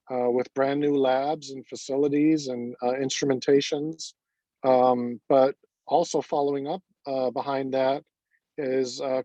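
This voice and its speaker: A college dean giving an earnest, halting speech with many fillers at an online ceremony over a video call. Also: male voice, mid-range voice, warm tone, dry recording, rough recording.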